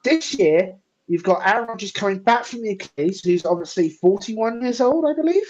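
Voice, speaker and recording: A man's voice: high-pitched, animated, brisk, a little mellow, dull audio. A man co-hosting a casual live-stream sports talk show, laid-back, laughing often and walking through stats.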